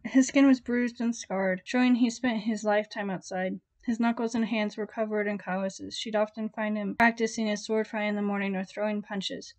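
A woman narrating a dramatic romance story with expressive emphasis. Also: mid-range voice, moderate pace, hardly any pauses, no room sound. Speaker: audiobook reader.

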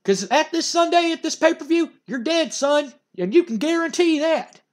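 A man's voice: very high-pitched, expressive, moderate pace, voice pushed up. A man voicing an irate male wrestling manager who rants threats at a rival. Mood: furious threatening. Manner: ranting, threatening, loud.

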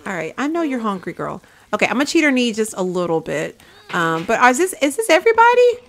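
A woman's voice: medium pitch, animated, fairly quick, a bit bright. Chatty woman narrating her gameplay. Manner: chatty, coaxes and scolds her game characters, says "y'all". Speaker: gaming video creator. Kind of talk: casual gameplay commentary.

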